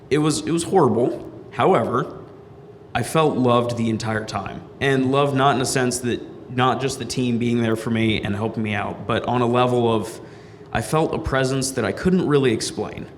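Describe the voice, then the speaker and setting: Earnest young man giving church testimony. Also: medium pitch. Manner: earnest, halting, restarts sentences. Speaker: youth mission trip member. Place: church sanctuary. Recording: long church reverb, faint noise.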